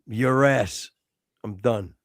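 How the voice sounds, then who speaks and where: A man's voice: medium pitch, very slow, no room sound, clean studio sound. A man in his fifties, co-hosting a podcast with crude, teasing banter and heavy swearing. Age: 50s. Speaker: podcast co-host.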